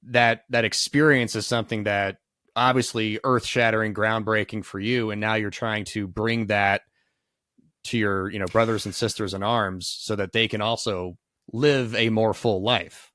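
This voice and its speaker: Podcast host guy, lowish voice, dry close sound, calm follow-ups. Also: dry recording. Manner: brief supportive backchannels, measured follow-up questions. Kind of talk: interview.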